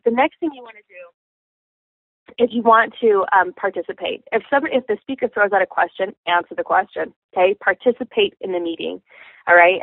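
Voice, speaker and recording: A woman coaches her sales team at a brisk clip, peppering her talk with "you know" and frequent "okay?" check-ins. The sound is thin and phone-like, dry with no room around it. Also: mid-range voice, no room sound.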